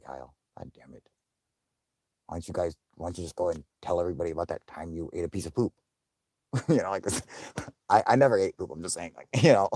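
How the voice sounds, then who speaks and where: A man's voice: low voice, a little mellow, husky, no room sound, clean studio sound. A man hosting a live stream, chatting casually with viewers in a profane, rambling way and laughing often.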